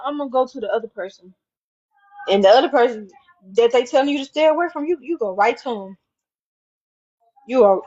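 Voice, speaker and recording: A woman with a high voice rants casually into the camera, repeating lines for emphasis as she talks straight to the viewer. The recording sounds dull and lo-fi. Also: a little mellow.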